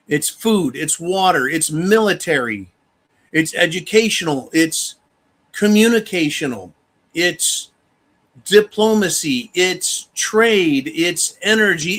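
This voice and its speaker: Brash, bright-voiced man. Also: high-pitched. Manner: emphatic and animated, addresses viewers as folks, swears freely. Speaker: livestream host. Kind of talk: casual livestream commentary.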